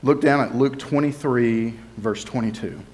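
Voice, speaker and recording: A man preaching in a relaxed, conversational way, walking listeners through scripture step by step. His voice sits at an ordinary middle pitch. He explains things plainly and now and then slips into voicing the people in the story. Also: normal speed. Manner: explanatory, acts out crowd and Pilate quotes. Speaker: pastor. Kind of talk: conversational sermon.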